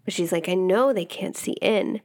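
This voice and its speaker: A woman's voice: lowish voice, moderate pace, a little mellow. A young adult woman co-hosting a casual podcast, chiming in and finishing her partner's sentences. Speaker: podcast co-host. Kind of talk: casual chat reviewing romance novels.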